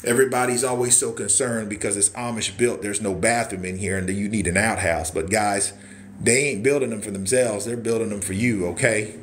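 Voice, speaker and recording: A man in his forties giving a casual walkthrough of a prefab cabin, folksy and hyped up, shouting catchphrases and whooping between points. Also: on the low side, fairly even intonation, fairly quick, a little hiss or hum. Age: 40s. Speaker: cabin seller and social media host.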